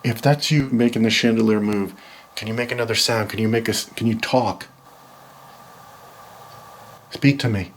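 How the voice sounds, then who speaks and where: A man filming alone inside a house for a paranormal video diary, nervously calling out to spirits and often dropping to a hushed whisper. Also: on the low side, fairly even intonation, moderate pace, long pauses, a little hiss or hum, low-quality recording. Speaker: paranormal vlogger. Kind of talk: solo ghost-hunting video diary.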